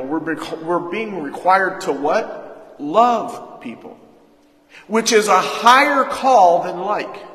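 A man's voice: high voice, bright, forceful tone. A man pastor preaching a sermon, putting questions to the congregation and answering them. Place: church hall. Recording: echoey hall.

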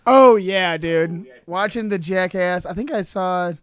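A man's voice: high voice, unhurried, clear, resonant tone. A man chatting casually on a comedy podcast, loose and profane, laughing often. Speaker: comedian podcast guest or host.

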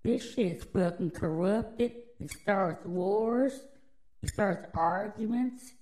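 A woman's voice: mid-range voice, takes it slowly, darkish tone, rough recording. A woman hosting a podcast alone, delivering a crude, rambling, mock-conspiratorial monologue full of swearing. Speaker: podcast host.

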